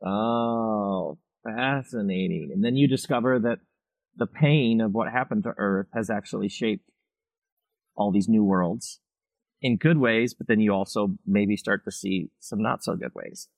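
A man's voice: fairly low pitch, measured pace, creaky, no echo. A middle-aged man, an author speaking as a guest in a casual interview, reflective and musing as he talks. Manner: reflective, musing, warm laughter.

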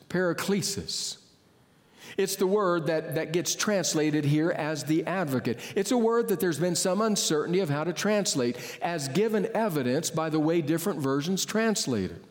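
Male preacher, fairly high voice, earnest and explanatory, in a big reverberant hall. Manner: earnest, slows down to stress key words; explains word meanings in a teaching tone. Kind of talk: sermon. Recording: long reverb of a large hall.

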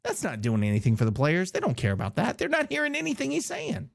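A man's voice: sits high, wildly swooping pitch, quick pace, vocal fry. A man speaking bluntly and emphatically in a casual postgame podcast chat.

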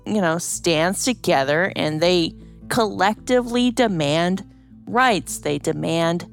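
A woman's voice: lowish voice, animated, slow, gravelly, soft background music. Giggly woman with a Minnesota accent. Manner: giggly, laughs often. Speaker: player. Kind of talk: playing a tabletop game.

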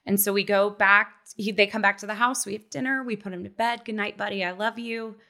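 Animated bright-voiced woman telling a story. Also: mid-range voice, fairly quick. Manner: animated storyteller who acts out quotes. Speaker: guest, mother. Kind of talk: casual chat, personal story.

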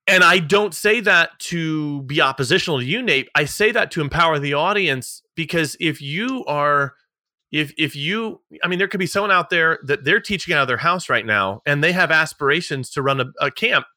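In a studio-quality, dry recording, a podcast co-host with a slightly high, pushed, bright voice talks at a moderate pace with lively intonation. It's casual chat, but he's emphatic and motivational, repeating his key points with a slightly sarcastic edge.

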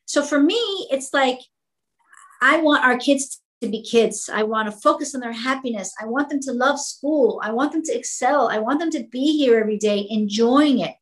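A woman's voice: high voice, moderate pace, low-quality recording. A woman who owns a school answers interview questions with passion, speaking emphatically and repeating words when she gets fired up. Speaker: school owner.

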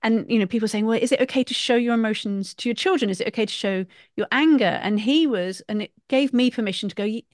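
A woman's voice: a little high, quick pace, hardly any pauses, dry recording, clean studio sound. A middle-aged woman hosting a parenting podcast, chatting animatedly and acting out voices when she tells stories. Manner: animated, acts out voices in quotes. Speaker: podcast host, parenting coach. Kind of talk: casual conversational interview.

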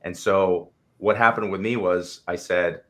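A man's voice: low-pitched, steady tone, a little slow, fairly bright tone. A middle-aged man, a coach and co-host, candidly telling his story in a live conversation and acting out his own inner voice, with casual swearing.

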